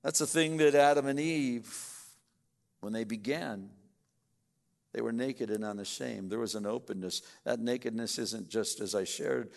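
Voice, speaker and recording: A male pastor with a lowish, fry-tinged voice earnestly preaches straight to his congregation. The sermon echoes through a church hall.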